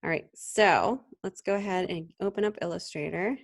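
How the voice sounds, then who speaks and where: Gravelly-voiced woman teaching a software tutorial. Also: fairly low pitch, normal speed. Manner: relaxed, conversational, with frequent ums and restarts. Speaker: design instructor. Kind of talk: screen-recorded software tutorial.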